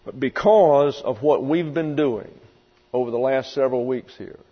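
Here a pastor preaches an expository sermon at normal speed in a husky, mid-range voice. He is emphatic and vivid and sometimes acts out the voices in his quotations, while the recording from a reverberant hall sounds dull and lo-fi over a mains hum.

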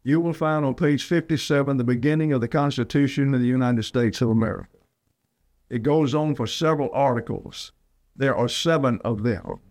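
A man's voice: mid-range voice, darkish tone, no echo. A man in his eighties from Alabama, preaching a sermon in a folksy, rambling way. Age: 80s. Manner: folksy, digressive storytelling. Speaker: pastor.

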